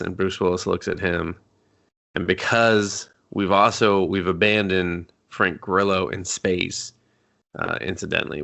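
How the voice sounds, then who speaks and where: A man co-hosting a podcast, reviewing a movie in a profane, jokey way and jumping into quick character impressions. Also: low voice, vocal fry, sharp tone. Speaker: podcast co-host. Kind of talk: casual comedic movie review.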